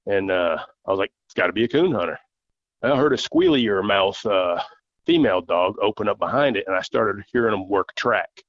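A man's voice: lowish voice, expressive, fairly quick. A man, a podcast guest telling a long story in a folksy way and acting out other people's voices in it. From southern United States. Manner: folksy, acts out quoted voices. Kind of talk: casual storytelling. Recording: dull lo-fi dry audio.

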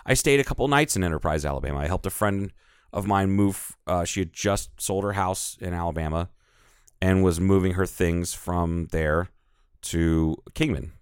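A man's voice: low-pitched, moderate pace, clear, resonant tone, no room sound, clean studio sound. A middle-aged man chatting casually as a podcast co-host, telling rambling, jokey stories and correcting himself as he goes. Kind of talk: casual chat.

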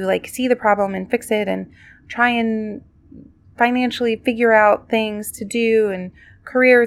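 A woman's voice: medium pitch, gravelly, dry recording. A woman hosting a podcast, giving a casual devotional talk in a reflective, conversational way with many fillers. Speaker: podcast host.

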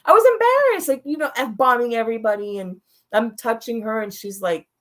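A woman's voice: fairly high pitch, moderate pace, fairly bright tone. A woman guest in an interview, telling a personal story in a frank, blunt way and laughing through the hard parts.

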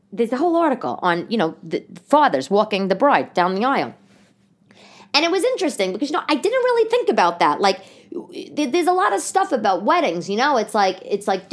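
A woman in her thirties hosting a casual solo podcast, rambling through stories and acting out other people's voices. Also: medium pitch. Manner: animated, rambling storyteller who acts out voices. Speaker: podcast host.

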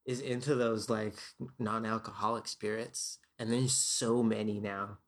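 A man's voice: on the low side, steady tone, measured pace. A man who works as a bartender, a guest on a casual podcast chat, who rambles and laughs often.

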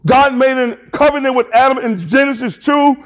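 A pastor in his sixties with a Southern US accent, preaching an animated, joking sermon straight to the congregation. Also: extremely high pitch, normal speed. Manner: animated, jokey, talks to congregation.

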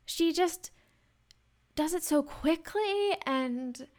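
A woman's voice: very high voice, extremely slow. A woman co-hosting a casual book chat, laughing often and reading passages aloud. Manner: giggly, animated, reads passages aloud. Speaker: co-host of a book discussion.

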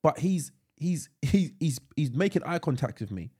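A man, co-hosting a casual podcast chat and telling animated stories, often stammering and restarting his sentences. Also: on the high side, moderate pace, slightly rough. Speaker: podcast co-host.

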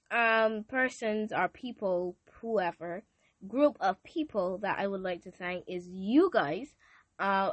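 A woman's voice: mid-range voice, fairly bright tone, no room sound. A woman, hosting a podcast and speaking emotionally and devoutly to her listeners, repeating herself often. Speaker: podcast host. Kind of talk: casual thank-you message to listeners.

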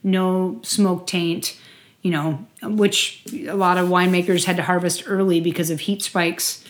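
A woman co-hosting a casual chat while tasting wine, talking fast and loose, swearing and filling her sentences with "like". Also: on the low side, fairly even intonation. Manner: chatty, heavy use of "like", swears casually. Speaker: podcast co-host.

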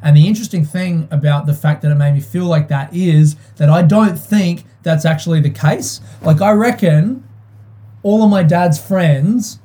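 A man's voice: fairly high pitch, moderate pace, mellow. A man, a stand-up comedian, talking in a rambling, candid monologue, swearing freely and laughing often. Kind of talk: casual monologue.

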